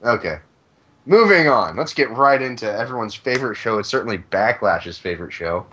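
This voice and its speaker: A man's voice: fairly low pitch, big pitch swings, fairly quick, bright, forceful tone. A man hosting a casual podcast, joking around and laughing often. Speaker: podcast host.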